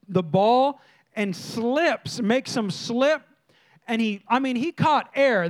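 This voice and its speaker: A man with a strikingly high voice preaches to his congregation. He tells stories in a lively way and talks straight to the people in front of him. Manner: lively storytelling preacher, addresses the congregation directly. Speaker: pastor. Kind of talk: sermon. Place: church.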